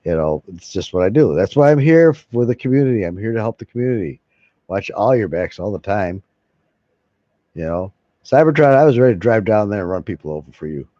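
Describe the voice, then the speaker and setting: A man's voice: on the low side, lively intonation, a little fast, mellow, no room sound. A man rambling casually to his viewers, swearing freely and chuckling between thoughts. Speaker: vlogger. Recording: dull lo-fi sound.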